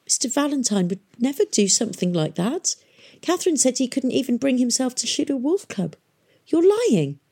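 A woman's voice: sits high, sing-song, moderate pace, hardly any pauses, dark tone, voice pushed up. A woman voicing an upset, naive teenage boy apprentice who talks in an earnest, wounded, pleading way.

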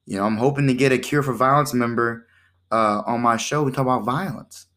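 A man's voice: mid-range voice, fairly quick. A man hosting a casual podcast monologue in a conversational way, often asking "right?" and acting out the exchanges he describes. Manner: animated, acts out quoted exchanges in shifting voices; conversational, with repeated "right?" and "you know". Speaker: podcast host.

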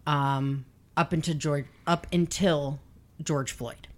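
A woman with a notably low voice chatting casually as a podcast co-host. She is blunt and swears freely, and she gets animated when she retells a story. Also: takes it slowly. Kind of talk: casual chat.

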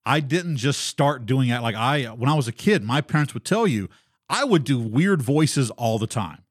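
Animated man telling stories, dry sound. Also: mid-range voice, no room sound. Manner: animated storyteller, quick restarts and asides. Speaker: podcast host. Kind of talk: casual chat about tabletop gaming.

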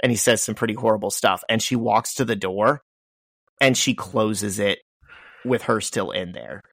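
A man with a lowish voice co-hosting a podcast. He is wry and jokey and explains background at length. The sound is dry, with no room echo. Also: moderate pace, creaky, fairly bright tone. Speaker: podcast co-host. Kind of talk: casual chat.

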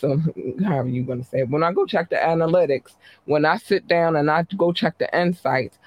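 A woman who hosts a podcast gives casual shout-outs to her listeners during a live stream, chatting in a blunt, slangy way. Her voice is deep, and there's no echo.

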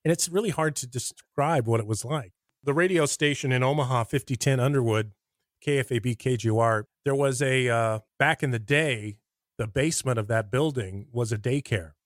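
A middle-aged man with an American Midwest accent, a radio personality telling rambling, animated stories in a conversational interview. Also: mid-range voice, moderate pace, dry recording, studio quality. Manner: rambling, animated anecdotes with acted-out quotes. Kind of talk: conversational storytelling.

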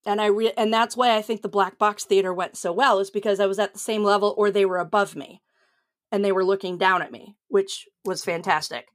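A woman's voice: medium pitch, fairly even intonation, fairly quick. A woman comedian talking candidly in an interview, reflecting on her shows.

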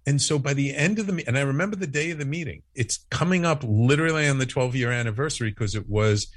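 A man telling a story in a casual interview, acting out the quoted lines with lively, animated delivery. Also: mid-range voice, fast talker, dry recording. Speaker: podcast network founder, guest.

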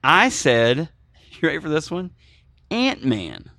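A man co-hosting a movie podcast, chatting in an animated, joking, rambling way. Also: on the high side, slow pace, creaky, no echo, clean studio sound. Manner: animated, jokey, rambling with food analogies. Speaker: podcast co-host. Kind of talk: casual movie podcast chat.

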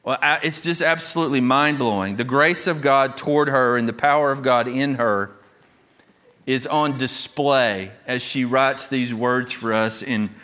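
A man's voice: medium pitch, unhurried, sharp tone. A pastor preaching an earnest, emphatic sermon, restarting phrases as he goes.

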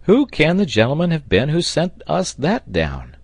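A man voicing a bold, excitable sailor who bursts out in loud, hearty cries. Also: fairly high pitch, moderate pace, vocal fry, breathy edge, no echo, voice pushed up, exaggerated voice. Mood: excited. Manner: loud exclamations, hearty and blustering.

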